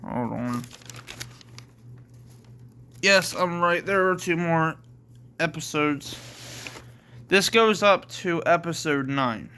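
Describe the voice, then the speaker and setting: A man's voice: fairly high pitch, expressive, takes it slowly, long pauses, bright, forceful tone, a little hiss or hum. A man reading his own homemade story aloud, plainly and with self-corrections.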